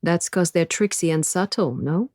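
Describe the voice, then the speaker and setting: A woman's voice: fairly low pitch, normal speed, darkish tone, dry recording, studio quality, lightly acted. A woman voicing a wary young female mechanic with a French accent and a wry, teasing manner.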